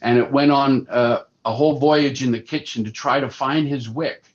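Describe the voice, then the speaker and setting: A man in his sixties, a puppeteer and actor, chatting through animated anecdotes as a podcast guest. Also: medium pitch, moderate pace. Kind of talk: casual interview storytelling. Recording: slightly dull lo-fi sound.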